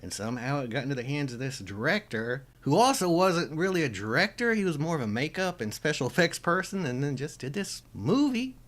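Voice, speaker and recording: A man's voice: fairly high pitch, big pitch swings, fairly quick, hardly any pauses, a bit bright. A man from the Missouri Ozarks, co-hosting a podcast in casual chat, with wry, joking asides. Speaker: podcast co-host.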